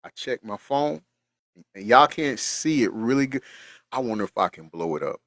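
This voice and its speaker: A middle-aged man hosts a casual livestream, speaking earnestly and repeating his words for emphasis. His voice sits at an ordinary pitch and keeps choking with emotion. The sound is close and dry, with no room echo. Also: big pitch swings, moderate pace, a bit bright. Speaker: livestream host.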